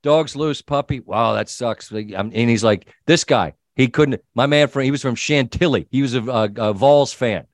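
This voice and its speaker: Man, middle-aged, sports talk host, animated storyteller, medium pitch, dry studio. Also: normal speed, few pauses, dry recording. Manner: animated storyteller, quoting himself and others. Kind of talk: casual storytelling chat.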